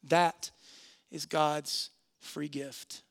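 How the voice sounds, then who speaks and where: A man preaching a sermon in church, earnest, slowing and softening on key phrases. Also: on the high side, flat delivery, vocal fry.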